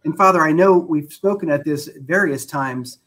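A man's voice: on the high side, moderate pace, a bit bright, rough recording. A man interviewing a priest, talking reflectively with frequent false starts. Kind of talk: interview conversation.

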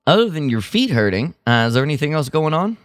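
A man co-hosting a podcast, chatting in a laid-back, easygoing way with filler pauses. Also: on the high side, big pitch swings, dry recording, clean studio sound. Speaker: podcast co-host. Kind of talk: casual chat.

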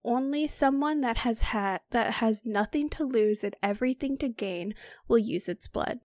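A woman's voice: fairly high pitch, normal speed, darkish tone, no echo, studio quality. A woman in her twenties, a podcast host, retelling a book in a casual way with joking asides. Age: 20s. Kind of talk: casual book recap with read-aloud.

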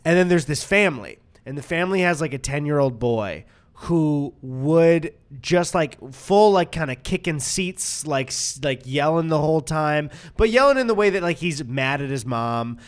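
A man's voice: a little high, moderate pace, smooth. A young man co-hosting a podcast, telling a story in casual chat, swearing freely and acting out what people said. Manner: animated storyteller, acts out quotes. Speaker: podcast co-host.

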